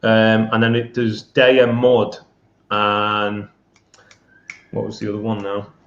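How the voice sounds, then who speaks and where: A male guest chatting casually on a live stream, relaxed and a little hesitant. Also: fairly low pitch, takes it slowly. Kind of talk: casual chat. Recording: echoey, dull remote audio.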